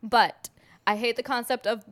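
A woman's voice: fairly high pitch, steady tone, normal speed, a bit bright. A woman co-hosting a podcast in casual chat, blunt and often swearing. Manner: blunt, frequently swearing, says "like" a lot. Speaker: podcast co-host.

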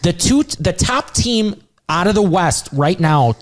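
A man's voice: sits high, animated, a little slow. A man co-hosting a sports betting podcast, trading laid-back, joking banter. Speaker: podcast co-host. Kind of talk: casual sports betting chat.

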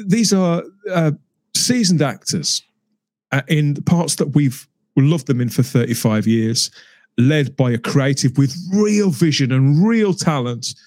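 Eager man with a bright voice. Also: on the high side, dry recording. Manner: enthusiastic, halting with restarts. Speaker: podcast co-host. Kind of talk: casual podcast discussion.

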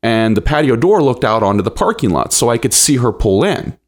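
Speaking briskly in a mid-range voice, this man in his thirties hosts a podcast and shares a story from his own life. He is animated, performing the voices of the people who appear in it.

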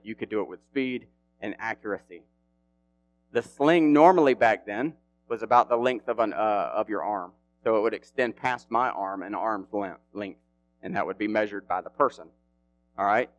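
A man preaching a casual, animated sermon in an easygoing, slang-filled way. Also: fairly low pitch, moderate pace.

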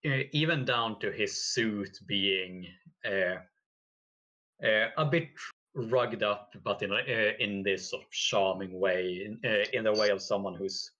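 A man narrating a tabletop game as game master, slow and halting with many fillers. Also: lowish voice, sharp tone, highs cut off.

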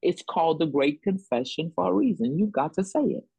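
A woman preaching in a call-and-response rhythm, leaning on repeated phrases to drive each point home. Her voice is breathy and soft-edged. The sound is dry and close, with no room around it. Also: deep voice, animated, a little fast, no room sound, rough recording. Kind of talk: sermon.

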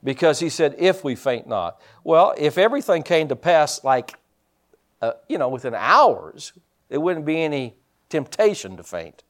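This man's sermon has a conversational feel, delivered at normal speed in a voice on the high side with big pitch swings. Amens come often, and he shifts from quiet asides to loud, emphatic points.

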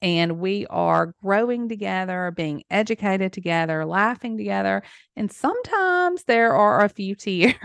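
A woman's voice: mid-range voice, animated, measured pace, clean tone, no echo. A woman hosting a solo podcast, talking in an effusive, emotional way with small laughs. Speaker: podcast host.

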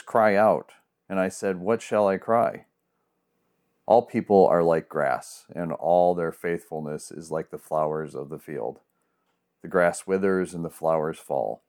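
A man's voice: sits low, darkish tone. A man serving as a church pastor, reading scripture and giving a sermon in an earnest, conversational way. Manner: earnest, conversational with restarts when preaching.

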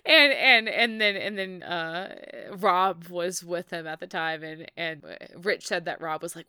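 A woman's voice: on the low side, measured pace, few pauses, pushed and bright, clean tone, no echo, studio quality. A woman co-hosting a podcast in casual chat, chatty and laughing often, with many restarts. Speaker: podcast co-host.

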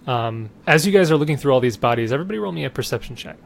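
A man narrating as game master in a casual, halting way, full of fillers and restarts. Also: mid-range voice, animated, gravelly, noisy background.

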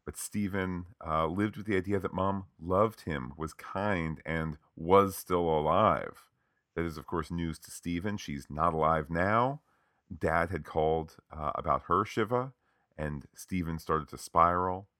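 A male podcast co-host with a deep, bright, forceful voice walks through an episode, often pausing on "uh." The sound is dry and close. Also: no room sound. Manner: conversational, with frequent "uh" fillers. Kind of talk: episode recap narration.

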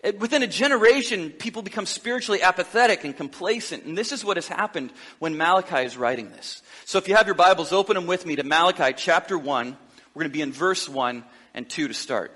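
A man preaching a sermon as pastor, lively and joking, acting out the dialogue of the people he describes. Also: high voice, quick pace, slightly rough, long reverb tail. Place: church sanctuary.

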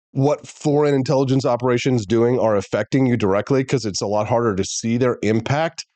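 A man's voice: lowish voice, no room sound. Ranting male talk show host, dry sound. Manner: animated, ranting, talks straight to viewers. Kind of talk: opinionated political talk show monologue.

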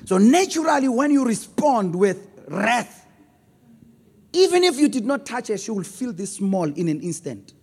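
A man preaching a sermon on relationships, swinging between loud emphasis and low asides. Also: very animated, normal speed, breathy edge, long reverb tail. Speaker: pastor.

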